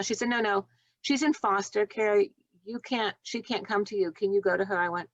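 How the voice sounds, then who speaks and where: A woman in her sixties tells her stories at a mid-pitched, natural speaking level and acts out each exchange in between laughs. The sound is dry and close, slightly dull and muffled. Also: a little fast, no echo. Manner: animated storyteller who acts out dialogue and laughs often. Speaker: guest, nurse and doula. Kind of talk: storytelling in a podcast interview.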